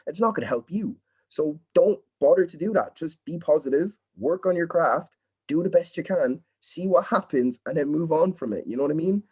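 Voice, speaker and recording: A man's voice: fairly high pitch, expressive, normal speed, darkish tone, husky. A young man from Nigeria, a drama student, talking casually and earnestly in an interview over a video call, encouraging and often adding "you know what I mean". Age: young adult.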